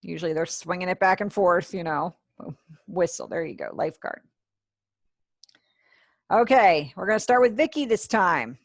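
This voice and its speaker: A woman's voice: fairly low pitch, animated, normal speed, long pauses, no echo, studio quality. A woman teaching a sign language class over a video call, chatty and encouraging, praising students as she goes. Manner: chatty asides to herself. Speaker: ASL teacher.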